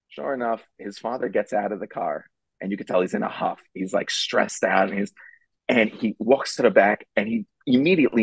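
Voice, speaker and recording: A middle-aged man, a rabbi telling a story on a charity broadcast panel, casual and animated, with many fillers. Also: on the low side, a little fast, husky, no room sound, rough recording. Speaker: rabbi and parenting speaker.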